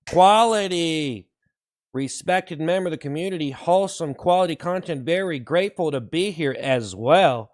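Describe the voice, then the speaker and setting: A man hosting a livestream, shouting repeated whoops between slow, sarcastic slogans praising himself to his viewers. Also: sits high. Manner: sarcastic, ironic self-praise. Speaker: livestream host. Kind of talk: mock-hype livestream chat with viewers.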